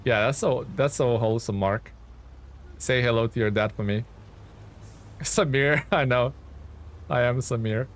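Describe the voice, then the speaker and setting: A man's voice: mid-range voice, measured pace, pauses often. A male game streamer with a mid-range voice who chats loosely with his viewers as he plays. He laughs often and pokes fun at his own mistakes in a playful, self-mocking way. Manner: chats with viewers while playing. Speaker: gaming streamer. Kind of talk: casual live game commentary.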